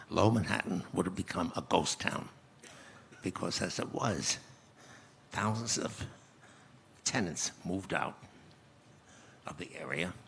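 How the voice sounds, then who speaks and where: A man in his nineties, speaking as a conference guest and recounting memories in a measured, reflective way with pauses. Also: sits low, creaky, fairly bright tone, a little hiss or hum. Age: 90s. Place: conference stage.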